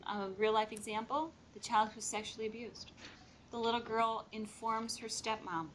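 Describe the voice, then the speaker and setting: A woman's voice: mid-range voice, bright, forceful tone, slight background noise, low-quality recording. A woman giving a lecture on childhood trauma to an audience, speaking plainly and emphatically with vivid examples. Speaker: child mental health trainer. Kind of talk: training lecture.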